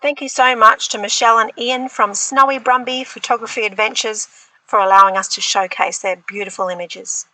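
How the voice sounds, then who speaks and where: A woman narrating a farm vlog with warm enthusiasm. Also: on the high side, fairly even intonation, a little fast, no room sound, low-quality recording. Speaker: off-grid farm vlogger.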